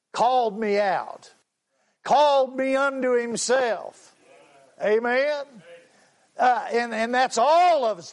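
A man preaches a sermon in a high voice. He takes his time, leaning on single words and repeating them for weight. Now and then he calls out to his listeners. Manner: repeats key words slowly for emphasis, with preacher's call-outs.

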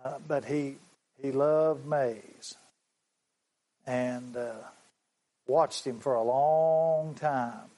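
A man preaching a sermon, telling a story slowly and earnestly and repeating his phrases. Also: mid-range voice, steady tone, mellow, low-quality recording.

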